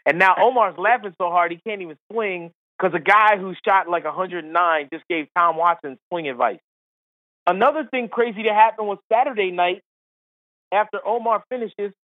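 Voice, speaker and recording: A man, a comedian and podcast guest, telling an animated anecdote and acting out the people in it. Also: sits high, no room sound, narrow, tinny audio. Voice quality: lively storyteller who acts out voices.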